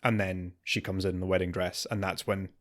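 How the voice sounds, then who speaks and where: A man co-hosting a podcast in casual chat, getting animated and higher when worked up. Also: moderate pace. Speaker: podcast co-host.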